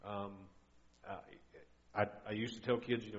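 A man's voice: lowish voice, steady tone, a little slow, dull audio. A middle-aged man giving a guest sermon in an earnest, conversational way, often restarting his sentences. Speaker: guest preacher.

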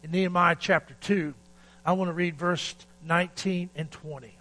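A man preaching a sermon, telling stories in a folksy way and calling out for amens, building up to shouted peaks. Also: sits high, fairly even intonation, normal speed, poor audio. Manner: calls for amen from the congregation. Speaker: pastor.

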